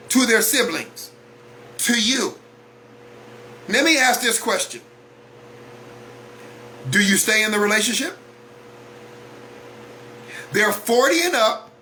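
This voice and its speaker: A man's voice: high-pitched, pushed and bright, a little hiss or hum. A man hosting a weekly talk broadcast, speaking bluntly in a preachy monologue and hammering home repeated rhetorical questions.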